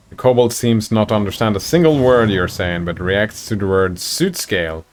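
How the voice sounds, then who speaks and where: A man's voice: on the low side, normal speed, hardly any pauses, slight background noise. A man streaming a text adventure game, reading the story aloud and chatting casually with his viewers. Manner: casual, reads narration and chats with viewers.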